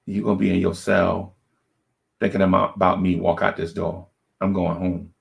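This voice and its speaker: A man's voice: low voice, level tone, moderate pace, creaky. A man on a podcast telling a personal story in a casual, conversational way, often checking in with his listeners. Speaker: podcast co-host.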